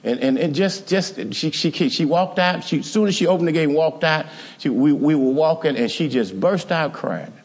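A middle-aged man preaches a storytelling sermon in a bright, high voice. His pitch leaps and dives constantly. He shifts from loud exclamations to soft, hushed asides and often repeats himself. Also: expressive, normal speed, few pauses. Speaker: pastor.

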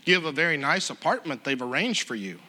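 A man voicing a slow, earnest big young man. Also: fairly high pitch, very animated, sharp tone, full character voice.

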